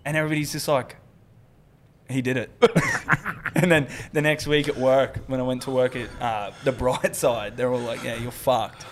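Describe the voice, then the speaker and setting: A young Australian man, a guest comedian, telling dark stories on a podcast in a casual way, swearing freely and laughing as he goes. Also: mid-range voice, fairly even intonation, normal speed, slight background noise. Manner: swears freely, laughs through his stories, quotes people in put-on voices.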